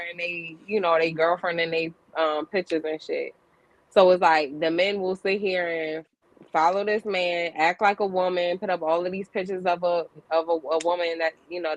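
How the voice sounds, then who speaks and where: Woman, lower voice, casual podcast chat, hesitant, fillers. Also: poor audio. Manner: relaxed, hesitant, many fillers.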